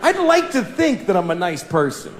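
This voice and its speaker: A man's voice: sits high, huge pitch swings, moderate pace. A middle-aged man doing a stand-up comedy set, telling rambling, self-deprecating stories on a live stage. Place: live stage before an audience. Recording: roomy live venue with crowd noise.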